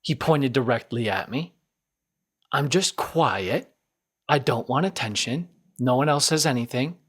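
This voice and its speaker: A man's voice: mid-range voice, normal speed, husky. A man in his twenties hosting a podcast, telling a story in a rambling, self-deprecating way that circles back and repeats itself. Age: 20s. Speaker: podcast host. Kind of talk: casual storytelling.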